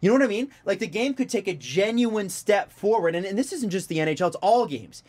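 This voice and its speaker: A man's voice: high-pitched, animated, a little fast, a little mellow. A man hosting a casual sports podcast, rambling through his points and laughing often. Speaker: podcast host.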